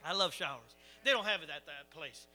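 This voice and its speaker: A man preaching, telling a lively, self-mocking camping story to his congregation. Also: a little high, a little fast, soft background music. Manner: animated, self-deprecating storyteller. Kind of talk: storytelling sermon.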